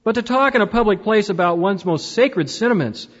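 Man reading a high-voiced, huffy magistrate, brisk and disapproving, with a dull roomy sound. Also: animated. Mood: irritated. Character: stuffy irritable male court magistrate. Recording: dull, reverberant hall recording.

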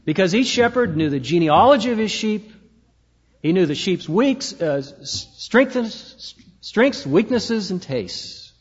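High-voiced preacher in a reverberant hall. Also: male voice, animated, breathy edge. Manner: measured preaching, slows to stress key words. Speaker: pastor. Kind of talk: sermon. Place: church sanctuary. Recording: dull lo-fi sound with long hall reverb.

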